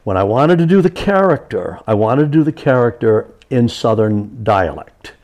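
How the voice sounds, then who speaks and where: A man's voice: medium pitch, animated, normal speed, a little mellow. A man, an author as a guest, telling stories in a casual community TV studio interview, chatty and full of restarts.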